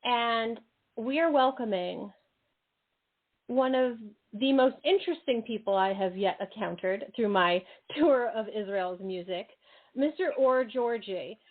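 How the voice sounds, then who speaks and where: A bubbly, chatty woman hosting a radio interview, quick to laugh and exclaim. Her voice sits fairly high and comes through a thin, phone-like line. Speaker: radio show host. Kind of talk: casual interview chat.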